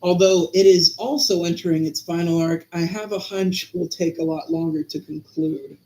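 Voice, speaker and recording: A man's voice: on the high side, fairly even intonation, normal speed, mellow. A man co-hosting a casual chat show, talking in a thoughtful, rambling way with many fillers. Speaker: podcast co-host. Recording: echoey room.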